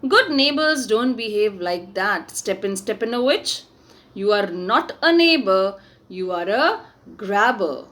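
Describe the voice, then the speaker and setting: A woman teacher reading the lines of an agitated young man who accuses a neighbour excitedly. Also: medium pitch, slow. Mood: accusing. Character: agitated young male suitor.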